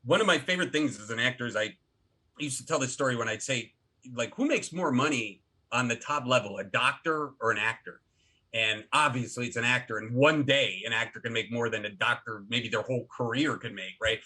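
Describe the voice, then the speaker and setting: A middle-aged man talks as a podcast guest, spinning stories and tumbling through quick restarts. His voice is bright and forceful, sitting at an ordinary pitch for a man. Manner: animated storyteller with many restarts. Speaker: guest, actor and filmmaker. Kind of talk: casual interview talk.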